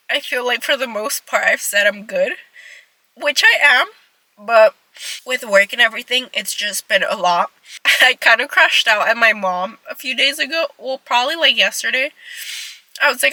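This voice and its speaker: A vlogger in her twenties talks to her phone camera from a car, chatty and rambling with plenty of "like," emotional and almost crying. Her voice sits on the high side with a sharp tone. The audio is poor, with no room sound.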